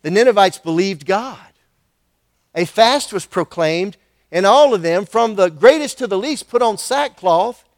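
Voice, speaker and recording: A man preaching a sermon, retelling scripture with animated, conversational asides and questions to his listeners. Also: high-pitched, unhurried, no echo, clean studio sound.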